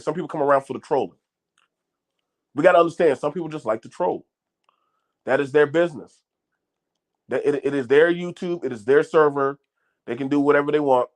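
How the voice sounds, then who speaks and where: A middle-aged man with a voice pitched a little higher than most men's talks straight to his viewers. He is blunt and curses freely, stumbling over repeated words as he restarts his sentences. Faint clicking sounds run behind him. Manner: blunt, swearing, repeats himself and stammers on restarts. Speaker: channel host. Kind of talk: unscripted commentary to viewers.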